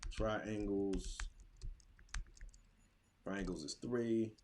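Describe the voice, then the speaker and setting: A man with a fairly low voice walks other teachers through a lesson activity. He talks casually and thinks aloud as he clicks through his screen. Faint clicking is heard along the way. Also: fairly even intonation, extremely slow, darkish tone, slight background noise. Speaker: teacher presenter. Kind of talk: instructional webinar demo.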